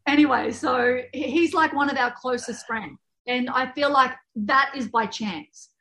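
A woman guest chatting casually and telling a travel story, laughing easily between quick asides. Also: high-pitched, bright, forceful tone, low-quality recording. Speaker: guest, author and fitness program creator. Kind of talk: casual storytelling in a podcast chat.

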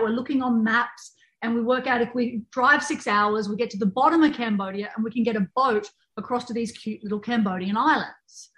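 A woman guest chatting casually and telling a travel story, laughing easily between quick asides. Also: a little high, a bit bright, poor audio. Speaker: guest, author and fitness program creator. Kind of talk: casual storytelling in a podcast chat.

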